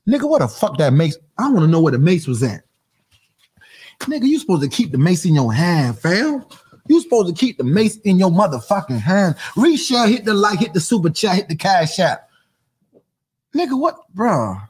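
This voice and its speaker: A man hosting a podcast, ranting in comic commentary with a voice that swings wildly up and down. His tone is husky and a little breathy. He talks in a loud, profane rush and keeps dropping into mock voices and sing-song chants. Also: sits high, big pitch swings, normal speed. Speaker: podcast host. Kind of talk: comedic commentary rant.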